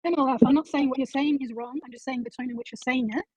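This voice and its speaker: A woman calling into an online audio chat room, stammering a little while appealing for calmer talk. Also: high voice, fast, background noise. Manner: hesitant, stammering, conciliatory. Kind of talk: measured appeal for calm. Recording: dull lo-fi audio.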